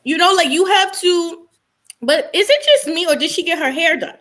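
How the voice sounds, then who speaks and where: A woman's voice: very high voice, normal speed, fairly bright tone. A woman chatting casually as a co-host, sassy and opinionated as she reacts to a reality show. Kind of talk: casual chat.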